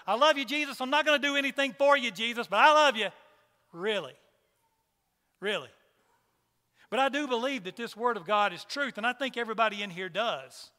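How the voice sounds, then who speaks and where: A man's voice: extremely high pitch, sharp tone, big-room sound. A man preaching a sermon to a church congregation, emphatic and repeating his rhetorical questions. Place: church hall.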